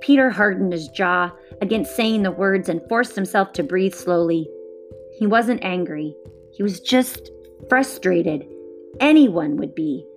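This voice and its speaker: A woman reading a novel aloud in a steady, measured storytelling voice. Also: fairly low pitch, faint music behind. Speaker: reader.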